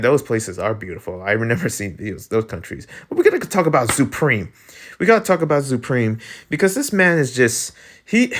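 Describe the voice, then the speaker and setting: Excitable man with a Filipino accent. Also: mid-range voice. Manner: rambling and excitable, heavy on fillers. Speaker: vlogger ranking breakdancers. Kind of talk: casual commentary.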